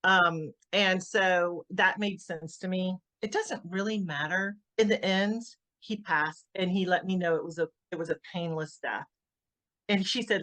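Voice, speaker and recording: A middle-aged woman, a grieving mother, giving an emotional personal account in an interview, often halting and repeating words as she restarts. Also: on the low side, a bit bright, dry recording.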